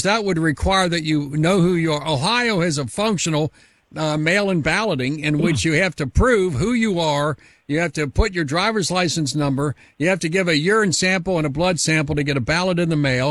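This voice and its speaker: A man's voice: high voice, fairly bright tone, no room sound, studio quality. A man hosting a political talk radio show, rambling into long leading questions for his guest. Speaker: radio host.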